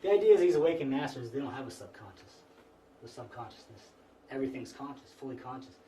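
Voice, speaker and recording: A man's voice: mid-range voice, quick pace. A man giving an informal spiritual lecture to a small group, talking conversationally with frequent restarts. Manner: relaxed, conversational, frequent restarts and "you know". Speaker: class instructor. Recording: echoey room, mic far off, faint noise.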